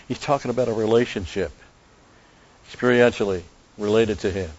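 A man teaching the Bible in an expository sermon, emphatic, repeating key phrases and slowing down on Greek words. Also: on the low side, a little mellow. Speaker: preacher. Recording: dull lo-fi recording.

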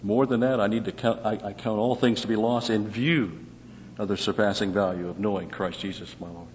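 A man with a lowish voice teaches scripture verse by verse in an easy, talkative way, often posing a question and answering it himself. The sound is dull and lo-fi. His voice rings through a large hall with a long echo. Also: fairly even intonation, a little fast, a little mellow, a little hiss or hum. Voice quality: conversational, asks and answers own questions. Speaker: Bible teacher.

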